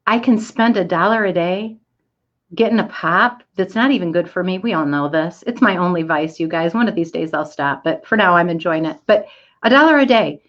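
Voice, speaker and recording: Middle-aged woman, lowish voice, animated storyteller in a talk; slightly muffled recording. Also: moderate pace. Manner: animated, acts out quoted voices. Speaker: speaker giving a talk. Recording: dull lo-fi audio.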